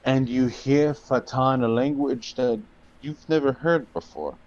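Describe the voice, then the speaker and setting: Slow-talking man running a dark tabletop game. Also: medium pitch, muffled recording. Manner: slow, drawn-out dramatic narration with swearing. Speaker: dungeon master.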